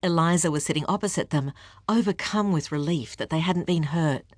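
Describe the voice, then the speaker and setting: A woman narrating an audiobook with a steady, expressive reading. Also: low voice, fairly quick, dry recording, clean studio sound. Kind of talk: scripted narration.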